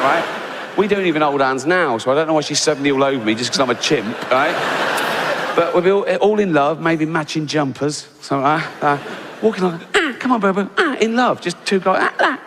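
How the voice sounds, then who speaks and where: An older English comedian works a big room with a sardonic, chatty delivery, ending lines with a quick "right?". His voice sits a little high for a man. It rings out in a long-reverb hall with the crowd clearly audible. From England. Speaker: stand-up comedian. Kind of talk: stand-up comedy routine. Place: large theatre stage before a live audience. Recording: reverberant hall with audience noise.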